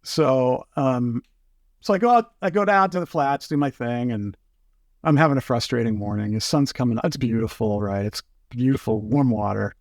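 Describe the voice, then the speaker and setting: A man telling fishing stories as a podcast guest, in casual chat, animated and full of fillers. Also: mid-range voice, moderate pace, dry recording, studio quality. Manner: animated, acts out quotes, many fillers.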